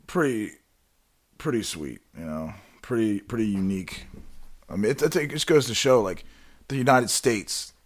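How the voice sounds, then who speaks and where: A man with a lowish voice in casual conversation, musing aloud. He rambles, restarts his sentences and keeps asking questions. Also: animated, normal speed, pauses often. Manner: rambling, many fillers and restarts, asks questions. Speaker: conversation partner. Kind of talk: casual chat.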